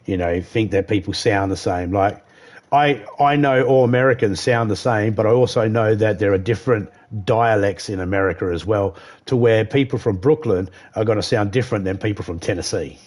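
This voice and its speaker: Low-voiced man rambling on a game stream. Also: fairly quick, darkish tone. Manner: rambling, profane, repeats himself. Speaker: live streamer. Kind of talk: casual chat while gaming.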